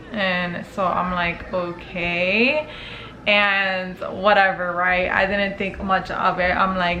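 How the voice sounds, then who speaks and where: A woman's voice: medium pitch, fairly even intonation, takes it slowly, sharp tone, a little hiss or hum. A young woman telling a personal story to camera in casual chat, full of fillers and swearing. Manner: chatty, filler-heavy, swears casually, acts out quotes. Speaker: storytime vlogger. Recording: echoey room with faint ambience.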